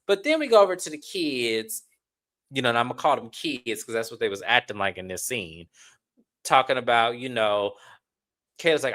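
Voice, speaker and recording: A casual reality TV recapper who speaks bluntly and with exasperation. The host talks straight to the audience and swears freely, in a mid-pitched voice. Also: animated, normal speed, a bit bright. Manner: blunt, exasperated, profane, talks to viewers directly.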